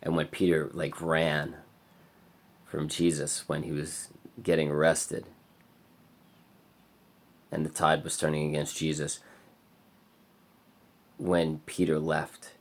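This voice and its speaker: A man giving a rambling, halting confessional monologue for his vlog, heavy on filler words, who sometimes drops to a murmur. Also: rumbling low, completely flat delivery. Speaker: vlogger.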